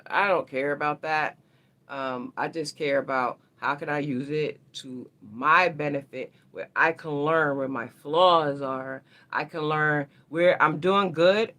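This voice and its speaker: Woman, livestream astrology host, casual and rambling, gravelly with a sharp brightness. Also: low-pitched. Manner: slangy, rambling, talks straight to viewers.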